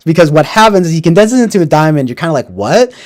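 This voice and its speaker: A man's voice: a little high, lively intonation, very fast, darkish tone. A man hosting a casual livestream, rambling and profane, tagging his thoughts with "like" and "right?". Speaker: livestream host. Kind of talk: casual livestream movie talk.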